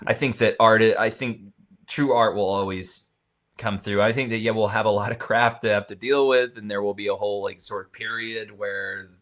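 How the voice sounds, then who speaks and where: A man from Maryland, a guest filmmaker in a casual podcast chat, talking in a rambling, soft-spoken way that trails off. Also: lowish voice, fairly even intonation, normal speed. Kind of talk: casual conversation.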